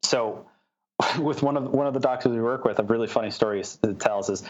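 A man's voice: medium pitch, brisk, lo-fi sound. A man answering interview questions as a startup founder, talking with many fillers and restarts.

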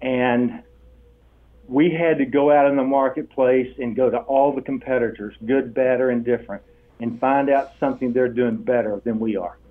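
Animated older man on a phone line. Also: mid-range voice, moderate pace. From Texas. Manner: animated storyteller, acts out quoted voices with laughs. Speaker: guest. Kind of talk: storytelling interview. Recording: tinny phone-line sound.

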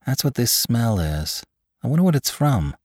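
A man's voice: medium pitch, very animated, moderate pace, darkish tone, no room sound, clean studio sound, voice pushed up. A man voicing a healthy, polite young male attendant who is bewildered, in an audiobook story. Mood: puzzled.

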